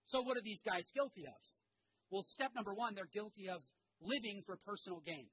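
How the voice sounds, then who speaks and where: Animated male pastor preaching. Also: high voice, a little fast, a little hiss or hum, poor audio. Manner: animated storytelling with shouted asides; calls on the congregation to repeat phrases. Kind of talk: sermon. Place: church sanctuary.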